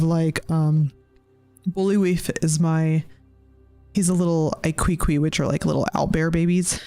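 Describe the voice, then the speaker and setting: A woman with a deep, somewhat mellow voice chats casually on a live stream while she paints. She's an artist and cast member, thinking aloud and rambling with plenty of filler words.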